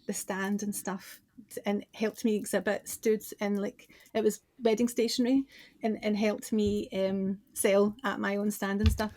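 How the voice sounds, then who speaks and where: A woman's voice: medium pitch, a little mellow, no echo. A woman in her forties with a Scottish accent, telling stories as a podcast guest in a chatty way with many restarts. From Scotland. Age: 40s. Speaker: guest, business owner and designer. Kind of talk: casual interview chat.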